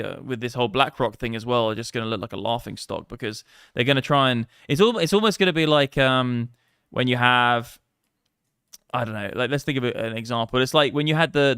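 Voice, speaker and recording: A man's voice: mid-range voice, fairly bright tone, smooth, dry recording, clean studio sound. A man hosting a crypto trading livestream, rambling casually and swearing freely. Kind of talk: live trading commentary.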